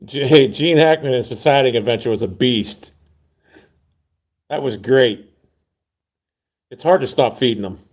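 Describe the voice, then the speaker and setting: A man's voice: medium pitch, a little slow, pauses often. Blunt, profane middle-aged man rambling. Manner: blunt, profane, rambling, often drops to a mutter. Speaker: vlogger. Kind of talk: casual rambling monologue.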